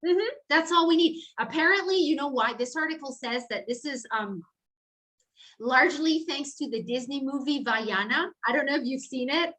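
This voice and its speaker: Brief: middle-aged female lecturer, high and bright, animated and chatty, video-call sound. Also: normal speed, low-quality recording. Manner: chatty, animated, peppered with "like" and "right?". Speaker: guest lecturer. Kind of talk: lively online lecture.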